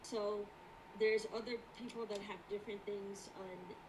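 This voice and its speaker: A woman's voice: mid-range voice, steady tone, normal speed. A woman in casual chat on a call, hesitant and repeating her words. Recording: distant voice with background noise.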